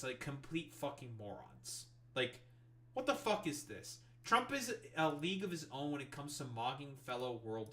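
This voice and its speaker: A man's voice: a little high, bright, forceful tone. A streamer man in a profane political rant, reading news aloud and mocking it with exasperation. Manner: exasperated, swears constantly, reads articles aloud then mocks them.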